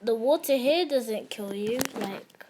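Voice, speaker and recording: A woman's voice: fairly high pitch, slow, background noise. A young woman chatting casually and giggling while she plays and streams an online game. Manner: chatty, giggly, easily excited. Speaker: gamer streamer.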